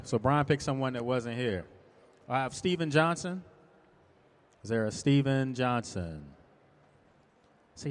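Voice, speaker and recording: A man hosting a live sports talk event in a shopping mall, speaking loosely with many restarts while running a prize drawing. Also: medium pitch. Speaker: sports analyst and host.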